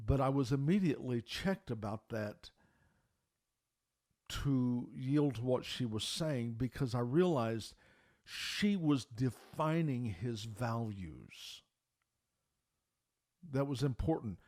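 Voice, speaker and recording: A man's voice: mid-range voice, animated, slow pace, darkish tone. Emphatic storytelling man preaching a sermon. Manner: emphatic, folksy storytelling with repeated restarts. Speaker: pastor.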